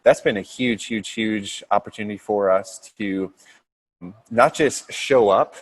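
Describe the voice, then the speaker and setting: A man who is a pastor, talking in a casual podcast interview in an earnest, steady way with frequent ums and restarts. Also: fairly low pitch, measured pace, slightly rough. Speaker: pastor starting a new church campus.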